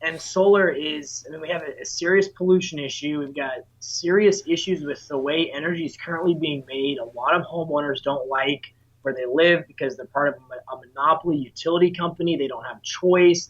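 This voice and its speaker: A man's voice: fairly high pitch, brisk, a bit bright, slightly rough. Earnest man, slightly lo-fi audio. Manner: earnest, passionate about his mission. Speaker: guest, solar sales dealer. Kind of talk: interview answer.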